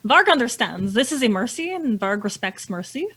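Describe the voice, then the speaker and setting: A woman's voice: a little high, very animated, moderate pace, a bit bright, husky, full character voice. A woman voicing Varg, a blunt, hungry barbarian warrior who speaks of herself in the third person with a put-on accent.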